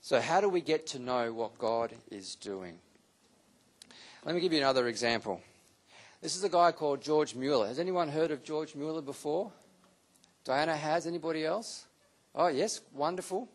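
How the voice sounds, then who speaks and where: A man teaching a Bible school class to a live audience, animated and acting out quotes with sudden leaps in pitch. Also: normal speed. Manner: animated, acts out quotes with big pitch jumps. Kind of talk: teaching sermon.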